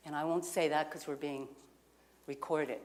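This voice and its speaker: A woman's voice: low voice, steady tone, moderate pace, darkish tone. A woman minister gives a sermon, telling a personal story in a conversational way and asking the congregation questions. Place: community center lounge.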